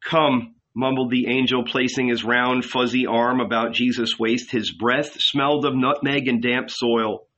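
A man reading literary fiction aloud as narrator in a slow, measured, solemn style. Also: mid-range voice, level tone, pushed and bright, lo-fi sound. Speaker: audiobook narrator.

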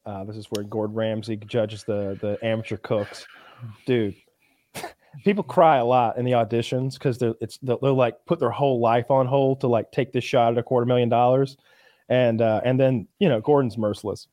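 A man telling a story in casual podcast chat, swearing a lot and acting out quotes with animated energy. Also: mid-range voice, normal speed, no echo.

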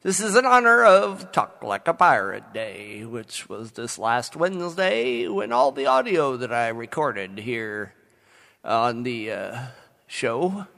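A man's voice: mid-range voice, big pitch swings, slow, creaky, pushed and bright, dry recording. A man hosting a podcast in a casual, rambling way with many filler uhs, partly recorded outdoors at a theme park. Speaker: podcast host.

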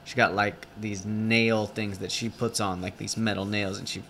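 A man's voice: lowish voice, little pitch movement, moderate pace, fairly bright tone, slight background noise. A man co-hosting a podcast, chatting casually with joking banter and profane asides. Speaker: podcast co-host. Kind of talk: casual chat.

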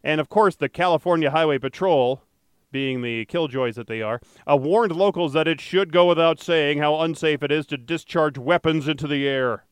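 A man's voice: on the high side, normal speed, clean tone, no room sound. A man co-hosting a casual podcast, rambling through news stories with jokes and frequent self-corrections. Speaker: podcast co-host and traffic anchor.

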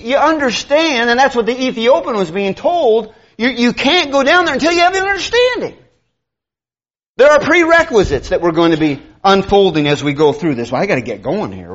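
A middle-aged man preaching a sermon, animated and conversational, acting out dialogue with quick asides. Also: high-pitched, highs cut off.

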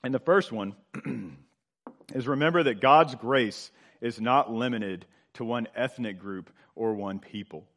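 A middle-aged man preaching a sermon. His delivery swells louder and then drops low and quiet. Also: a little slow. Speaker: pastor.

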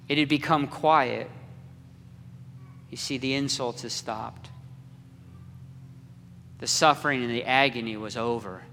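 A man preaching a dramatic sermon as a story, slow and swinging between loud cries and hushed near-whispers. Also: mid-range voice, a little hiss or hum. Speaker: pastor. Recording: echoey hall with long reverb.

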